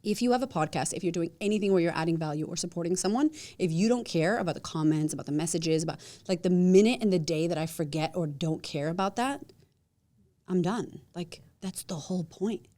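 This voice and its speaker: Podcast guest, woman; emphatic and animated, mellow low voice. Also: a little fast. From United States. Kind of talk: casual interview chat.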